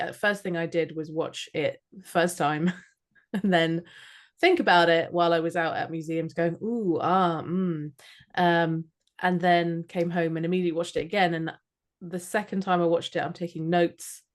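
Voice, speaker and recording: A woman's voice: lowish voice, flat delivery, normal speed. A woman in her late thirties from Scotland, co-hosting a podcast in chatty, self-mocking casual talk. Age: 30s. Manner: chatty, laughs at herself, swears casually. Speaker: podcast co-host. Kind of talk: casual chat.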